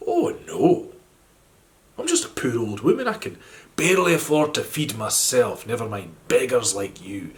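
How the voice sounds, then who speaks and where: A well-off but stingy old woman, whining that she is poor while brushing off beggars at her door. The voice stays near the teller's own mid pitch with a lilt, as a male storyteller puts her on. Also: sing-song, moderate pace, close to an everyday voice. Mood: dismissive. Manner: dismissive, falsely pitiful.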